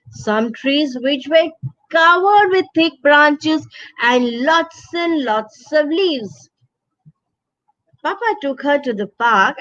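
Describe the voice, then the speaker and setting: Woman storyteller, high voice, slow unhurried telling, playful animal noises, dry dull recording. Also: fairly bright tone, dry recording. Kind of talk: children's bedtime story narration.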